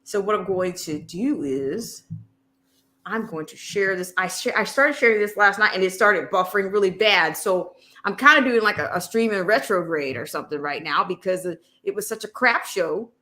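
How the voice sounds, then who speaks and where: A woman hosting a casual livestream, talking in a loose, rambling way full of restarts and fillers. Her voice is bright and forward. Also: mid-range voice, animated, normal speed. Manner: rambling, many restarts and "you know". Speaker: livestream host.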